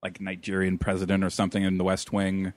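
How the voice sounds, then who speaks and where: A man's voice: low voice, fast. A man co-hosting a casual movie podcast, retelling scenes with giggles and swearing. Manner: giggly, animated storyteller, profane. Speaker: podcast co-host. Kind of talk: casual movie-review chat.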